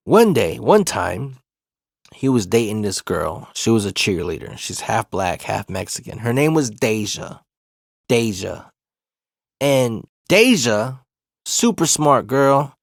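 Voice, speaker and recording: Gravelly man telling a profane story. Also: mid-range voice, no echo, clean studio sound. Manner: laid-back, animated, laughs through his story. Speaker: comedic storyteller.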